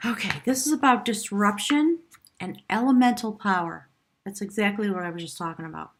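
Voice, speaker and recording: Excitable woman doing a tarot reading. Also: mid-range voice. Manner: excitable, laughs often, breaks into exclamations; reads aloud from a book slowly in parts. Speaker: tarot reader. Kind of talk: casual live tarot reading.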